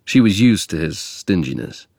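Deep gravelly man reading a memoir. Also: big pitch swings, darkish tone, dry recording, studio quality. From England. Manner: measured, reflective reading. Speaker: narrator. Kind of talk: audiobook memoir narration.

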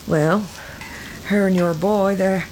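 A woman playing a worried, proper mother who speaks haltingly in rural dialect, with a gravelly voice. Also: medium pitch, fairly even intonation, darkish tone, slight background noise, lightly acted, rough recording.

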